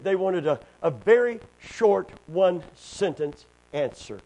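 A middle-aged preacher man with a high voice delivers a sermon. He surges into loud, soaring lines, then drops into low, quiet asides to the congregation. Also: expressive, normal speed, hardly any pauses, rough recording. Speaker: pastor.

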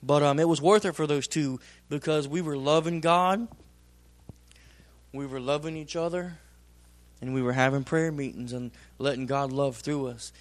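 A man preaching a sermon in a plain-spoken, folksy way, swinging from loud emphatic bursts to slow drawn-out phrases. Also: a little high, fairly even intonation. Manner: folksy, plain-spoken, tells personal stories. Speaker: pastor.

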